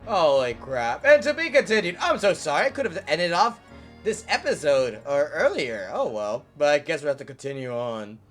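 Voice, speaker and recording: A man's voice: on the high side, big pitch swings, moderate pace, a bit bright, soft background music. A young man casually commenting on his game playthrough, joking, self-mocking and swearing. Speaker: gaming streamer. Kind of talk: casual let's-play commentary.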